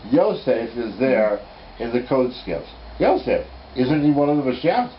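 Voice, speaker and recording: A man gives a relaxed home lesson on Torah codes, his medium-pitched voice sing-song and a little slow. He comes across as enthusiastic, musing out loud and self-correcting, in a slightly muffled recording with faint background noise.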